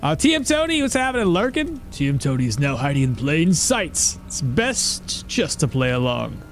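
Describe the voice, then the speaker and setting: Animated man streaming a game. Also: on the high side, normal speed, soft background music. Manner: chatty, thinks aloud and answers chat. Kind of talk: live gameplay commentary.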